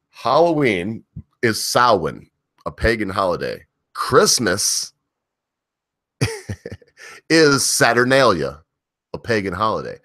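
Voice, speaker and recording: Low-voiced man ranting on a livestream. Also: sing-song, sharp tone, no room sound, studio quality. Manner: rambling, emphatic, with slow drawn-out stretches. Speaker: livestream host. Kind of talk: opinionated livestream rant.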